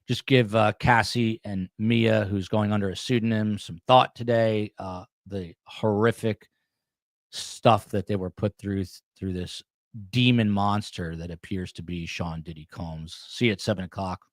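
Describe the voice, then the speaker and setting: A man's voice: fairly low pitch, steady tone, measured pace, dry recording, clean studio sound. A man hosting a podcast livestream, rambling casually and reading out chat comments as he signs off. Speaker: podcast host.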